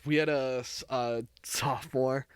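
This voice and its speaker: A man's voice: medium pitch, fairly even intonation, unhurried. A young man with a New England accent, hosting a podcast and telling a long story in casual, rambling speech full of "like" and swearing. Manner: rambling, heavy swearing, lots of "like". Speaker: podcast host.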